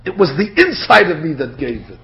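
A man's voice: a little high, fairly quick. A man teaching a Torah lecture to a class, acting out the quotes as he goes. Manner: animated, acts out quotes. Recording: dull lo-fi lecture recording.

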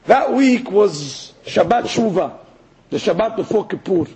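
A man giving a sermon as a rabbi, telling a story in an animated way and rising to emphatic peaks. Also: high voice, a little slow, husky, rough recording. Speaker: rabbi or Torah teacher.

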